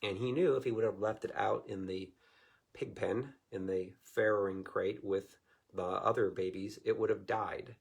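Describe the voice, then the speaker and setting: A man's voice: fairly low pitch, steady tone, moderate pace, creaky, husky. A man preaching informally to viewers, rambling in a folksy way and chuckling often. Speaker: Christian minister.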